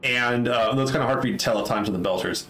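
A male game master rambles through a tabletop scene, stopping and restarting his sentences. His voice sits at a middling pitch. The room sounds echoey, with faint music behind him. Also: fast talker, fairly bright tone. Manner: rambling, many fillers and restarts.

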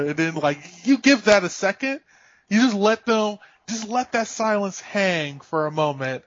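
A man's voice: high voice, animated, normal speed. A man chatting casually on a podcast, laughing often, swearing freely and acting out quotes. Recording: dull, lo-fi sound.

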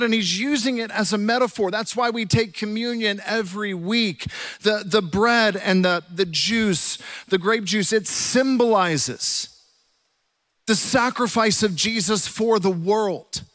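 Animated high-voiced man preaching. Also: a little slow. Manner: animated, conversational preaching with rising bursts. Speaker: pastor. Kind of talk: sermon. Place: church auditorium.

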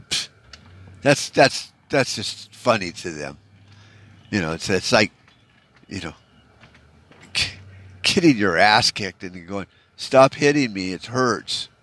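Podcast host, male, low voice, rambling, profane, bitter solo rant. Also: big pitch swings, slow, pauses often, sharp tone, no room sound. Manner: rambling, profane, frequent "you know" fillers; discouraged, bitter tone.

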